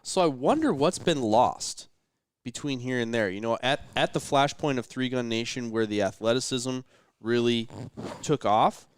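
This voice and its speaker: A man's voice: mid-range voice, moderate pace, smooth, no room sound. A man taking part as a podcast guest in a casual late-night chat, thoughtful and hedging his points. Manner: reflective, hedging with fillers. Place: indoors in a rental house.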